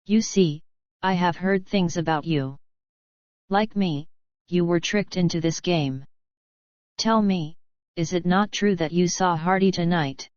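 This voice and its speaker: Женщина читает за насмешливого молодого иностранца. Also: female voice, fairly low pitch, a little slow, pauses often, darkish tone, no echo, highs cut off, natural voice. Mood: scornful, urgent. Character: scornful young foreign man, secretive schemer.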